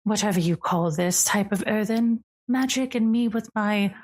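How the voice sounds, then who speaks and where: A woman's voice: medium pitch, moderate pace, pitched above the performer's own voice, close to an everyday voice. A woman voicing a regal fae noblewoman who teases her brother in a languid, purring way. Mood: teasing. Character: regal teasing fae noblewoman, sister of a god.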